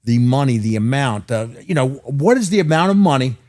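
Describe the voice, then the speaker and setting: A man's voice: mid-range voice, lively intonation, brisk, darkish tone. A man hosting a podcast interview, asking long, rambling questions in a chatty way. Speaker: podcast host. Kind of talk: casual interview talk.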